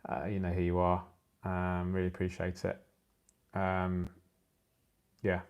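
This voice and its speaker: A man's voice: low-pitched, monotone, a little slow, a little mellow, clean tone. A man in his forties, tired and joking with viewers during a casual livestream he runs from his phone. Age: 40s. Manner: jokey, chatty, laughs at his own jokes. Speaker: aquascaping channel host. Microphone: phone used for the livestream.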